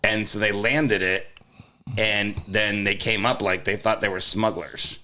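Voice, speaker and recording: A man in his thirties co-hosts a casual comedy podcast. His voice sits on the low side. He tells rambling stories and keeps slipping in jokes. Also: fairly even intonation, a little slow, sharp tone. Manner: joking, rambling storyteller who breaks into mock singing and impressions. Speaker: podcast co-host.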